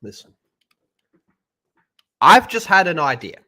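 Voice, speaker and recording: Crude Australian man, bright voice. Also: mid-range voice, animated, a little slow. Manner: crude, loud, joking, swears often. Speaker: streamer host. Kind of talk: casual live-stream chat.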